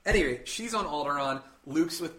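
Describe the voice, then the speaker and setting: A man hosting a podcast, telling a story in a casual, animated way and acting out the characters' lines. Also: fairly high pitch, brisk. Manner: animated storytelling, acts out quotes. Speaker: podcast host.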